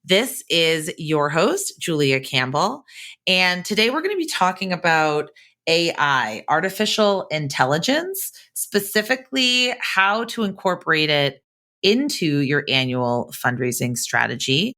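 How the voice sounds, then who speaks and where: A woman's voice: fairly low pitch, very animated, measured pace, sharp tone. A woman hosting a nonprofit podcast, upbeat and enthusiastic as she introduces her guest. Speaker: podcast host. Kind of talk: podcast interview.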